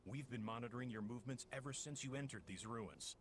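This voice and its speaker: An actor playing a cold, scheming male villain henchman in a video game, speaking in a flat, measured, monotone way. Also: mid-range voice, slight background noise, lightly acted. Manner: flat, measured, even delivery.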